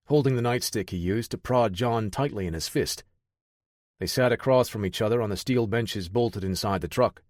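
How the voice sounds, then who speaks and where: Brief: steady male audiobook narrator, low-pitched, dry studio sound. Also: dry recording.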